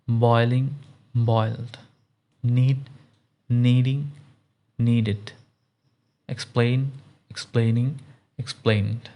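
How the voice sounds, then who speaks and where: Slow, measured male grammar teacher. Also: medium pitch, a little mellow. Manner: reads word lists in a measured, deliberate cadence. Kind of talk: slow scripted grammar lesson.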